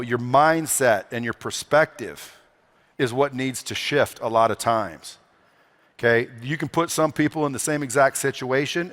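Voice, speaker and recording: On a conference stage, a man with a medium-pitched, somewhat bright voice gives a brash, profane motivational talk. He fires rhetorical questions at the live audience.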